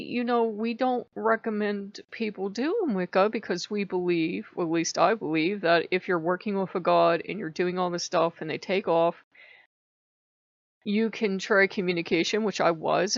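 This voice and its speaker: A woman talking to camera at home as a Wiccan vlogger, telling a story in a casual, animated way and laughing often. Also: mid-range voice, no echo. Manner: animated, laughs often, voices her own quoted outbursts. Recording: dull, dry lo-fi sound.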